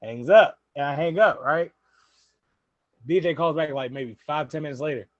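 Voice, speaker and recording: This is a young man telling drinking stories on a casual podcast. His voice is high for a man, and he keeps acting out the people in his stories. The recording is dry and slightly dull. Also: normal speed, no echo. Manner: animated storyteller, laughs often, quotes people. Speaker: podcast host.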